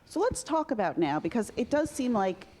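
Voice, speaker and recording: A woman's voice: fairly high pitch, big pitch swings, normal speed, a little mellow, a little hiss or hum. Woman moderator asking winding questions. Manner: thoughtful, long winding questions with restarts. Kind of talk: moderating a panel conversation.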